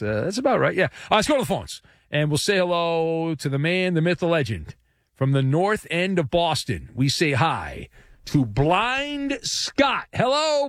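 Casting note: sarcastic sports radio host, slightly high male voice, dry studio sound. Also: no echo. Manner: sarcastic, teasing, mocking.

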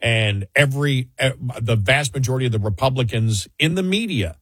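Exasperated husky man ranting. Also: mid-range voice, animated, a little fast, fairly bright tone, no echo. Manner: exasperated, ranting, repeats words for emphasis. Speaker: political talk show co-host. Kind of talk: heated political commentary.

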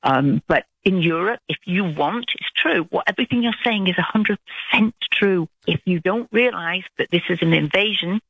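A British woman calling in to a radio talk show, speaking in an earnest, alarmed and halting way. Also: on the low side, breathy edge, no room sound. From Britain. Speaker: caller. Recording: dull phone-line sound.

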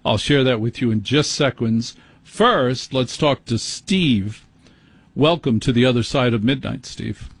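Male late-night radio host, husky voice, dry close studio mic, wry self-mocking storyteller. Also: mid-range voice, unhurried, no echo. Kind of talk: rambling comic monologue. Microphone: studio microphone.

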